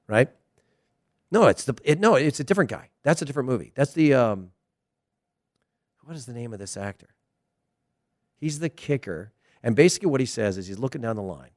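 A man's voice: mid-range voice, darkish tone, no echo, studio quality. A middle-aged American man, a former player, giving a digressive, emphatic casual commentary monologue. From United States.

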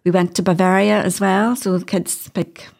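A woman's voice: medium pitch, little pitch movement, normal speed, vocal fry, darkish tone. A middle-aged woman with a Northern Irish accent, a doula telling her story in a chatty interview, laughing often. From Northern Ireland. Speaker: doula, podcast guest. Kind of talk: casual interview chat.

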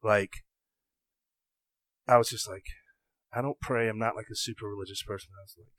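Excitable Southern man telling a story. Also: lowish voice, brisk, pauses often, no echo. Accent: Southern American. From American South. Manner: excitable, self-interrupting, acts out his own inner voice. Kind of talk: animated casual storytelling.

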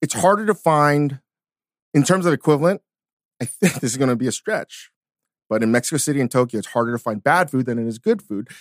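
A man co-hosts a podcast from a studio, riffing in a sardonic, foul-mouthed way. He talks at an average pitch. The sound is close and dry. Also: lively intonation, a little fast, no room sound. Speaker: podcast co-host. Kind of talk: casual comedic chat.

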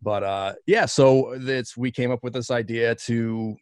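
A man co-hosting a podcast from his home studio, measured and modest, with some hesitations. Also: mid-range voice, fairly even intonation, darkish tone, clear, resonant tone, dry recording. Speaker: podcast co-host, musician and studio engineer. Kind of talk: casual chat.

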